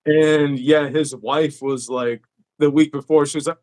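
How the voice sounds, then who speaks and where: A man's voice: a little high, steady tone, a little slow, a little mellow. A man hosting a podcast, telling stories in a casual, profane way. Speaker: podcast host. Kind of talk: casual chat.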